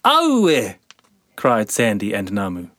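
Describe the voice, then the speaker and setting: A storyteller reads a children's picture book aloud, very slowly and with lots of lift and fall in the voice. The pitch sits mid-range, and the recording is close and dry with no room sound. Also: dry recording. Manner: slow, expressive storytelling. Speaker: storybook reader.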